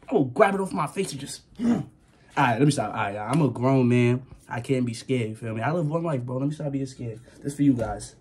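A young man talking to his viewers in a casual vlog, nervous and rambling, with a slightly husky voice. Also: fairly high pitch. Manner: nervous, jumpy, rambling, slangy, yelps and laughs. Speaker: vlogger.

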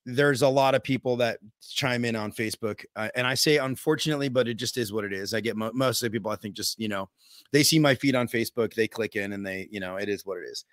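A man hosting a podcast in casual chat, excitable and profane, rambling with many fillers. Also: fairly low pitch, fast, no room sound, clean studio sound. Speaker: podcast host.

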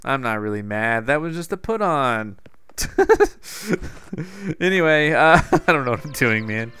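A man's voice: medium pitch, lively intonation, normal speed, pushed and bright, clear, resonant tone. A man hosting his own gaming channel, giving casual, jokey gameplay commentary with self-mocking asides. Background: faint game music.

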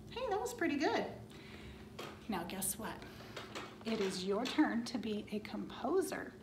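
A woman leading a children's music lesson, chanting animal words in rhythm and cheering the kids on. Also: on the high side. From Florida. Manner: encouraging, sing-song rhythmic chanting. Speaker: music teacher. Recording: echoey room with clear background noise.

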